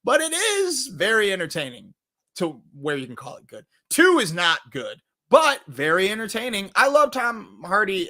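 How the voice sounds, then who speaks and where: A man's voice: high voice, bright, forceful tone. A man hosting a casual movie review show, talking animatedly, swearing freely and acting out quotes.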